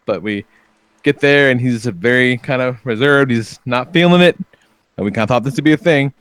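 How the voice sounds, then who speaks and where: A man in his thirties co-hosts a casual podcast, spinning laid-back stories with plenty of swearing and chuckles. His pitch sits in the middle of the male range. The mic is close and dry, with no room sound. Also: normal speed, fairly bright tone, clean tone, dry recording. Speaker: podcast co-host.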